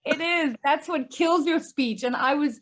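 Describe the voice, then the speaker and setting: A woman who speaks professionally, answering questions over a video call with emphatic, crisp points. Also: sits high, unhurried, a bit bright. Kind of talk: remote Q&A answers. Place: home office, remote.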